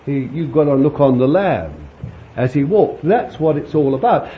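A man preaching a conversational sermon, rambling warmly with chuckles and fond asides to his listeners. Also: a little high, animated, moderate pace. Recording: dull lo-fi recording with faint hiss.

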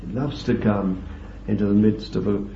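This preacher has a lowish, steady voice as he works through a Bible passage, lingering on key words with heavy stress at a slow, deliberate pace. He speaks to a small group in a meeting hall. The lo-fi audio sounds dull, distant and echoey, with a little background noise.

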